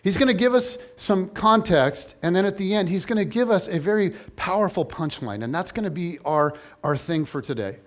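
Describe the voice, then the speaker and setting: A man preaching a sermon in a relaxed, conversational way. His voice sits fairly high, and he keeps breaking into quick asides and restarting his sentences, so it sounds animated rather than formal. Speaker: pastor.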